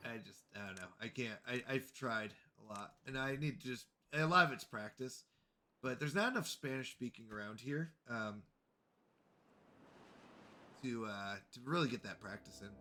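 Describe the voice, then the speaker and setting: A man's voice: mid-range voice, lively intonation, normal speed, pushed and bright. A man chatting casually with his viewers while playing a game on a live stream, rambling and friendly. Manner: chatty, rambling, talks to chat. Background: faint background music.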